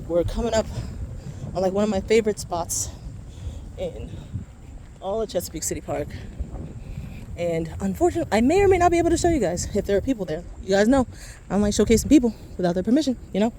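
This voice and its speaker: A woman's voice: medium pitch, animated, quick pace, pauses often, mellow, slight background noise. Breathless woman joking through a park tour. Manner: chatty, joking, talks straight to viewers. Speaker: vlogger giving a park tour. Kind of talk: casual walking-tour chat. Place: outdoor city park, walking. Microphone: faulty mic.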